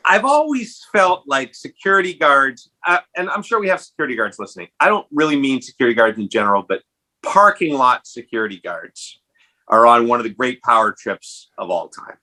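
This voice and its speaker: A man hosting a casual podcast chat, telling a story animatedly and jumping up in pitch when acting out quotes. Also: expressive, fairly quick, bright, forceful tone, rough recording. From Canada. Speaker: podcast host.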